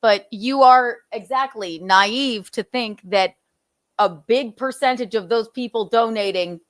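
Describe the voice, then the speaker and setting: A woman's voice: on the high side, unhurried. A woman co-hosting a podcast in casual chat, blunt, argumentative and profane. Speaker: podcast co-host.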